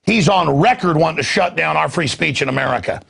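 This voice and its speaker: Man, host, angry rant, heavy gravel, husky tone. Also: on the high side. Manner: angry, rapid, mocking, shouting bursts. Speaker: talk show host. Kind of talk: ranting commentary.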